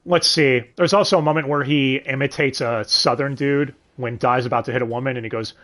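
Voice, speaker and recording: A man's voice: medium pitch, fairly even intonation, brisk, few pauses, fairly bright tone. A man reviewing a dub in casual commentary, sarcastic and swearing, with sighs and questions to his listeners. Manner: sarcastic, swears often, sighs and asks the audience.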